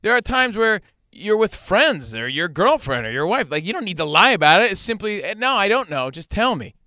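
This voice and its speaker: A lively, profane man hosting a talk show, his pitch swinging widely and his tone bright and clear. He argues his point with quick, animated energy. The mic is close and dry, with no room sound. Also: dry recording. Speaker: radio show host. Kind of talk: casual talk show banter.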